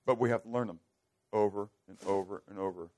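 A man's voice: lowish voice, fairly even intonation, fast talker, dark tone. A male pastor preaching a sermon, asking his listeners questions and acting out the prayers he quotes. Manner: asks the congregation questions and acts out quoted prayers.

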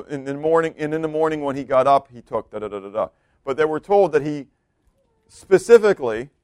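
A man with a Southern US accent preaching a sermon, animated and folksy, acting out the voices of biblical figures as he tells the story. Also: a little high, no room sound, studio quality. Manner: folksy asides to the congregation. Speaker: pastor.

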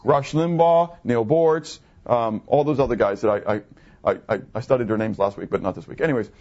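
A man's voice: mid-range voice, brisk, darkish tone. A man in his fifties preaching a conversational sermon, asking his listeners questions and answering them himself. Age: 50s. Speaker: pastor. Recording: muffled, lo-fi recording.

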